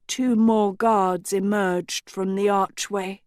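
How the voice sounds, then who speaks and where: A woman reading a storybook aloud in scripted narration, slow and deliberate. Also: mid-range voice, fairly even intonation, no echo, clean studio sound. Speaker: audiobook reader.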